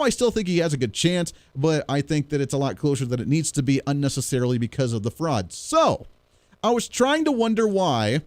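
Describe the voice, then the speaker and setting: A man hosting his own show, telling stories in a casual, animated way and acting out the voices of others. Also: on the high side, dry recording. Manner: animated storyteller, acts out quoted voices. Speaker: podcast host. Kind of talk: casual monologue.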